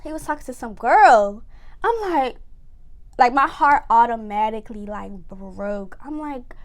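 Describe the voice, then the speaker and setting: A young woman casually telling a personal story to camera, talking fast with lots of fillers and acting out what people said. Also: a little high, a little hiss or hum. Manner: fast, animated retelling with lots of "like" and acted-out quotes.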